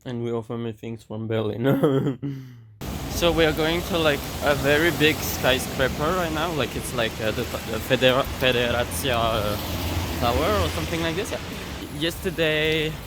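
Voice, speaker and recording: A man's voice: mid-range voice, moderate pace. A young man, chatting casually as a travel vlogger, rambling with lots of "like" and restarts. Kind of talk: casual travel vlog chat. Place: outdoors on busy city streets. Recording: noisy street recording with traffic. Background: traffic noise.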